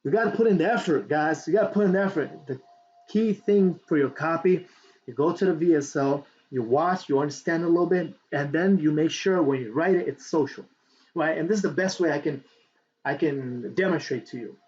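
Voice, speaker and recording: A man's voice: a little high, fairly quick. A man teaching affiliate marketing in a casual on-camera tutorial, chatty and repetitive, asking "right?" again and again. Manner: animated, reaching around for books while talking. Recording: dull lo-fi sound with faint background noise.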